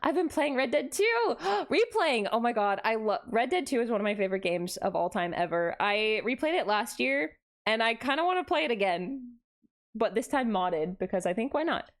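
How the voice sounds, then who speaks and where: A woman's voice: fairly high pitch, very animated, moderate pace. A young adult woman streaming casually, greeting chat with gasps and laughs. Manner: bubbly, gasping greetings to chat, frequent laughs. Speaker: VTuber streamer.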